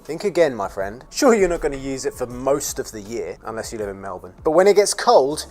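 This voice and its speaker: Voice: medium pitch, very animated, fairly quick, hardly any pauses, a little mellow. A speaker from the UK with a British accent, narrating an expat vlog in a scripted way with dry, jokey asides. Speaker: expat vlogger.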